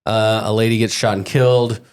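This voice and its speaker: A man's voice: on the low side, flat delivery, fairly quick, darkish tone, clean tone. A man hosting a podcast, steering the conversation and walking through news cases. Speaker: podcast host. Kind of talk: casual podcast chat.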